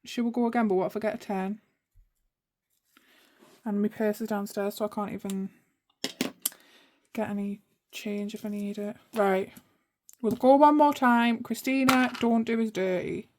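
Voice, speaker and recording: A budgeting vlogger, a woman with a mid-range voice, chats to herself while cash stuffing at her home desk. Her tone is steady and her speed normal, with frequent pauses, and the background is noisy.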